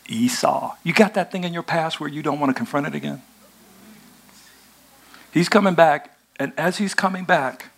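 A male pastor preaching a sermon, retelling a story in a conversational, animated way. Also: mid-range voice, gravelly.

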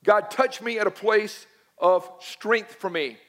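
A man's voice: high voice, slow pace. Man preaching in a reverberant hall. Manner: dramatic storytelling, swings from hushed to shouting. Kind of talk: sermon. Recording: long reverb of a large hall.

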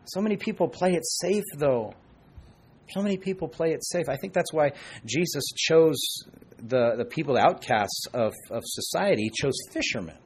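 Husky, animated male pastor preaching. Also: a little high, normal speed. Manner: animated, dips to soft asides, acts out quoted voices. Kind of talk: sermon.

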